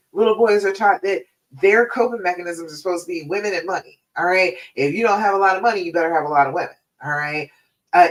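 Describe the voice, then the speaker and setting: A woman's voice: on the low side, far from the mic, rough recording. A woman hosting a live stream as a relationship coach, talking in a casual, conversational way and often checking in with "all right?".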